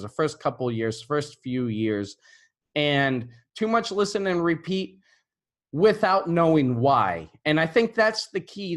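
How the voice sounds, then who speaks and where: A man who is an English teacher, giving teaching tips to camera in a relaxed, conversational way and often checking in with "right?". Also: mid-range voice. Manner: models intonation by repeating example phrases.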